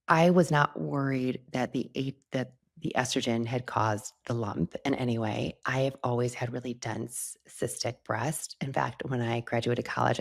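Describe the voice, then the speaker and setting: A woman's voice: a bass voice, creaky. A middle-aged woman hosting a solo podcast, talking candidly and chattily, often laughing as she goes. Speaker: podcast host. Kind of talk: casual solo podcast talk.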